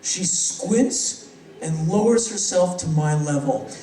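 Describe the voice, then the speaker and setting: A man performing live stand-up storytelling, animated and sardonic, acting out other people's voices. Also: fairly high pitch, slow pace, slight background noise. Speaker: spoken-word performer. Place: large hall on stage. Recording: roomy live hall, distant mic. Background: audience laughter.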